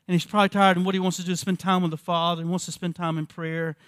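High-voiced earnest man preaching a sermon. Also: flat delivery, very fast, fairly bright tone, clear, resonant tone, no room sound, studio quality. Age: 50s. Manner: earnest, repeats words, asks rhetorical questions. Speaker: pastor. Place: church.

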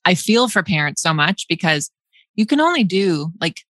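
A woman's voice: on the low side, sing-song, normal speed, a bit bright, dry recording, studio quality. A young adult woman hosting a casual chat, talking freely with frequent laughs and restarts. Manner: chatty, laughs often, many restarts and likes.

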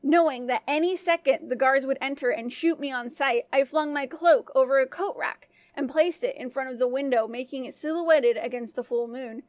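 A woman storyteller giving scripted first-person narration of a folk tale in an even, clear manner. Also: high-pitched, moderate pace, few pauses, no room sound.

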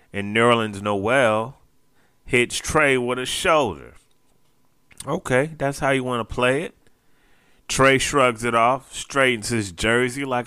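A man's voice: lowish voice, pushed and bright, clean tone, no echo, studio quality. A man hosting a casual post-game basketball recap, chatty, repeating phrases and chuckling often. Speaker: basketball fan show host.

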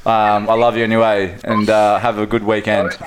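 A man's voice: on the low side, flat delivery, moderate pace, a loud crowd. A man co-hosting a podcast who prank-calls a mate, laughing and swearing in matey banter. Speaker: podcast co-host making a prank phone call. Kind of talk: casual banter.

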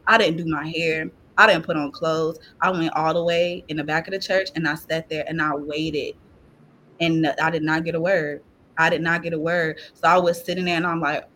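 A woman's voice: low-pitched, steady tone, normal speed, a bit bright, a little hiss or hum. A woman guest on a podcast giving a personal faith testimony. She talks in an earnest, emotional way and fills her sentences with "like". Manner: earnest and emotional, heavy use of "like".

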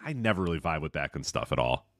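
Man, podcast co-host, lively voice, casual chat, playful, fillers, dry close mic. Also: extremely low pitch, quick pace, dry recording. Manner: loose, swearing, playful retelling with lots of fillers.

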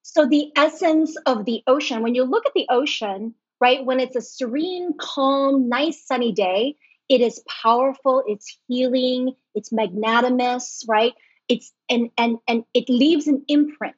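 A woman guest on a podcast, calmly explaining concepts and checking in with "right?" as she goes. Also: high voice, a little slow, husky, no echo. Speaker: guest astrology reader. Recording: dull lo-fi sound.

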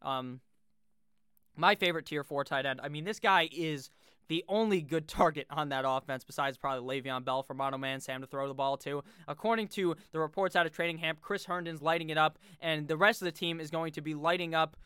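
A young man with a high, bright voice runs through fantasy football rankings in a brash, joking, foul-mouthed way. His tone is smooth and clear, recorded close and dry with no room sound. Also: brisk, no echo. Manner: brash, joking, swears freely. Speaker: fantasy football video host.

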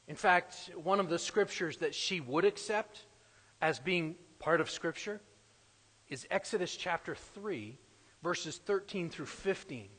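Man, preacher, sermon, emphatic, loud peaks and quiet drops, fairly high voice, long hall reverb. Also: breathy edge. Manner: emphatic, swinging from loud declarations to quiet asides.

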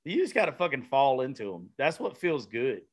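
A man's voice: mid-range voice, sing-song, a little fast. A man with a Southern US accent, hosting a loose, profane, rambling casual chat from a studio room. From American South. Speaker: podcast host, comedian. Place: studio room with vintage decor.

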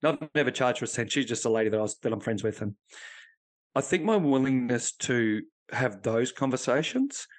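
A man speaking as a podcast guest, telling a personal story in a frank, unpolished way. His pitch sits in the middle range for a man. He swears freely and slips into the voices of people he quotes as he recounts conversations. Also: lively intonation, brisk. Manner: blunt and profane, acting out remembered dialogue.

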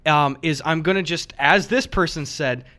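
A man's voice: fairly high pitch, normal speed, bright, forceful tone. A young man co-hosting a podcast, chatting casually and joking with plenty of swearing. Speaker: podcast co-host. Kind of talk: casual chat.

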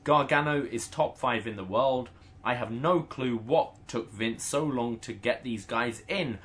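A man co-hosting a podcast in casual chat, tossing in quick jokes. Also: mid-range voice, a bit bright. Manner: quick joking interjections. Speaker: podcast co-host.

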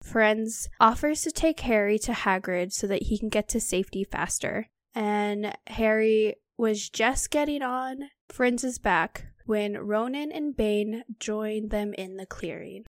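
A woman's voice: medium pitch, a little slow, few pauses, no echo, studio quality. A woman in her twenties, a podcast host, retelling a book in a casual way with joking asides. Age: 20s. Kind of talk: casual book recap with read-aloud.

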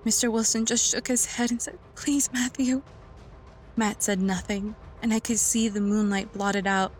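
A woman's voice: mid-range voice, flat delivery, moderate pace, faint music behind. A woman narrating a first-person horror story in a tense, earnest manner.

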